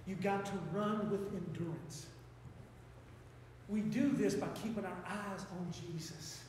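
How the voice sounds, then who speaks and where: A man's voice: high voice, unhurried, a little mellow, recorded from a distance, a little hiss or hum. A man with an Appalachian accent preaching a sermon as pastor, with fervent, repetitive exhortations. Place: church sanctuary. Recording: echoey church hall, mic from afar.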